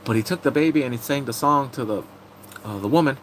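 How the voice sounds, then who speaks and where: A man casually recapping TV episodes, excitable and rambling, breaking into sudden high squeals. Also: fast talker, slight background noise, poor audio. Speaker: TV recap host.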